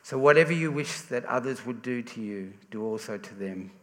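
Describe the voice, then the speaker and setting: A man's voice: medium pitch, expressive, moderate pace, a bit bright. An Australian man giving a sermon in a conversational way, often restarting his sentences. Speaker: preacher. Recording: reverberant church hall.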